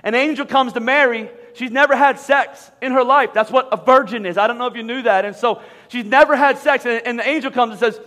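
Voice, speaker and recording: A man's voice: very high voice, a little fast, hardly any pauses, bright, forceful tone. A man preaching a sermon to a church audience, talking conversationally with frequent repeated words and humorous asides. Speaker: pastor. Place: large church auditorium. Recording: long hall reverb.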